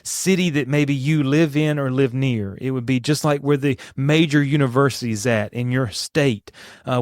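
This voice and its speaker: A man's voice: fairly high pitch, no room sound, clean studio sound. A man hosting a devotional podcast, teaching in an earnest, emphatic way and putting rhetorical questions to his listeners. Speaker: podcast host and Bible teacher.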